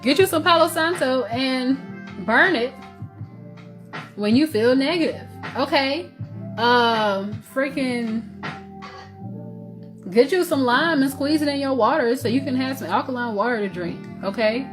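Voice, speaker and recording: This tarot reader's Southern-accented voice sits high, and she speaks unhurriedly, pausing often. Music runs under her casual reading, which is packed with fillers and false starts.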